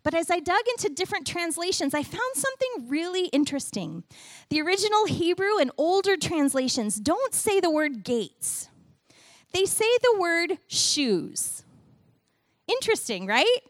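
A middle-aged woman giving a sermon with a children's object lesson, animated and playful as she talks to the kids and the congregation. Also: extremely high pitch, moderate pace, dry recording, studio quality. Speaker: church speaker giving a children's message.

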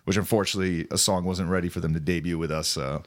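A man's voice: sits low, fairly even intonation, fast, no echo. A man co-hosting a casual podcast, swearing freely and joking with his co-host. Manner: profane, jokey, bursts into loud mock voices. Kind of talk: casual banter.

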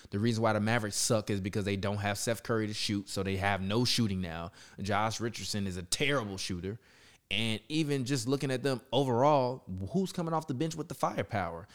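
Low-voiced man arguing about basketball. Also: smooth. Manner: argumentative, heated, swears, quick restarts. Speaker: podcast co-host. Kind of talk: casual sports talk while watching a game.

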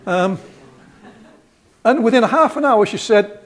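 A man's voice: high voice, expressive, a little slow. Chatty Yorkshire man giving a lecture. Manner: rambling, chatty, self-deprecating humor. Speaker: lecturer presenting slides. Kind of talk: casual lecture talk.

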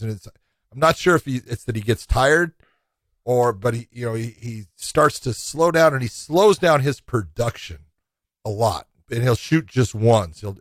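A man's voice: mid-range voice, no room sound. A man co-hosting a casual fight talk, easygoing and leaning on "you know" as he goes. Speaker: co-host. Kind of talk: casual fight breakdown chat.

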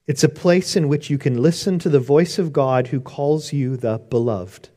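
Guy giving a sermon, slightly high voice, earnest and chatty, keeps restarting. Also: normal speed, dark tone. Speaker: pastor.

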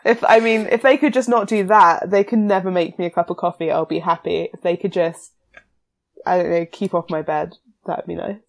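A woman's voice: on the low side, fairly even intonation, brisk, vocal fry. Teasing, joking woman podcast co-host. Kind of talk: casual podcast chat.

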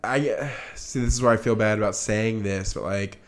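A man's voice: lowish voice, moderate pace. A young man co-hosting a podcast, recapping a movie in a rambling, casual way and acting out characters' lines. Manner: rambling, fillers, acts out lines. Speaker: podcast co-host.

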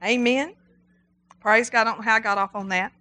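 A middle-aged woman preaching a sermon, animated and emphatic, repeating her exhortations. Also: on the high side, brisk.

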